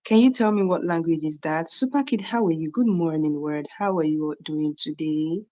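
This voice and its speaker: A woman's voice: deep voice, moderate pace, a little mellow, lo-fi sound. A young woman from Nigeria hosting a casual morning livestream, greeting viewers by name and often repeating herself. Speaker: livestream host. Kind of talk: casual live-stream chat with viewers.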